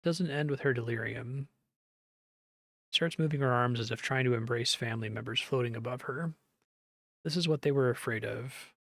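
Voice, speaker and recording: A male streamer reading game text aloud in an earnest, measured way. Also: medium pitch, gravelly, dry recording, clean studio sound.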